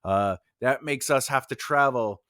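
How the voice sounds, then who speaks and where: A man with a New York accent, from Long Island and Brooklyn, hosts a casual writing lesson, rambling along with plenty of filler words. His voice sits at medium pitch with a fairly bright tone, and he speaks at a measured pace. The recording is clean studio sound with no room sound.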